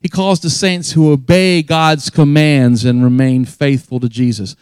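A man's voice: on the high side, steady tone, a little slow, darkish tone, clear, resonant tone, no echo. A man preaching a sermon as pastor, earnest and emphatic, often repeating key phrases for weight.

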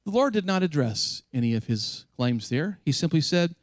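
A man's voice: on the high side, big pitch swings, normal speed, no echo, clean studio sound. A man preaching a sermon to his congregation, retelling a scripture story with vivid, dramatic delivery. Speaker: pastor.

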